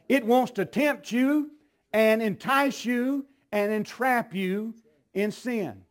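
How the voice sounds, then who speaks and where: A man preaching a sermon as pastor, swinging between low, slow teaching and loud, shouted exclamations.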